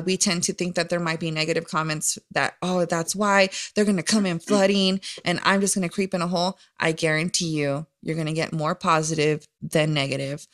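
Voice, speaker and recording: A woman's voice: on the low side, a bit bright. A woman with a nasal voice hosting a podcast in casual chat, talking earnestly and encouragingly, with many ums and restarts. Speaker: podcast host.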